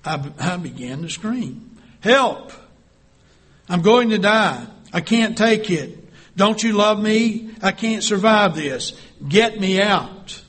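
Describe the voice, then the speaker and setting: A man voicing a suffering female clay teacup who cries out in high pleading bursts. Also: lively intonation, unhurried, pushed and bright, slightly rough, full character voice.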